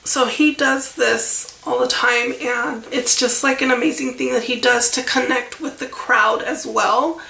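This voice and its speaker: Brief: higher-pitched woman vlogger, rambling casual storytime, echoey room. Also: steady tone, unhurried, creaky, few pauses, sharp tone, slight background noise. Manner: rambling, chatty, many fillers and asides. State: emotional, near tears.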